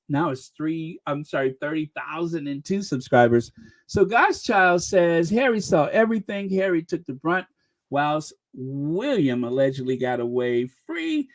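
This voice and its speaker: A woman hosting a live stream, casually chatting and reading viewer comments with lots of laughter and exclamations. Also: sits low. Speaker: livestream host reading super chats.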